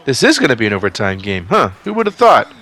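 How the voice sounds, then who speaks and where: A young man giving excited play-by-play commentary on a simulated basketball season, jumping to near-shouts on big plays and dropping to low asides. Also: quick pace. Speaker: sports sim video commentator.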